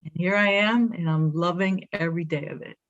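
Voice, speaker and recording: Proudly recounting her story, a Brooklyn-accented athletic director from Brooklyn, New York, is the guest in a casual interview. Her voice is lowish and a little fast, and the audio is dull.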